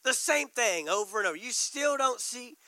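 High bright-voiced man preaching. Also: animated, no echo, low-quality recording. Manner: emphatic preaching, slowing words for stress. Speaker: pastor. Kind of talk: sermon.

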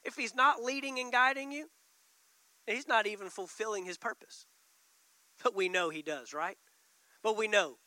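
An impassioned male pastor preaching with emphatic force, dropping at times almost to a whisper. His voice is strikingly high and bright. The recording is close and dry. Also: moderate pace, pauses often, dry recording. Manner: emphatic, impassioned, swings from loud to near whisper. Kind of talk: sermon.

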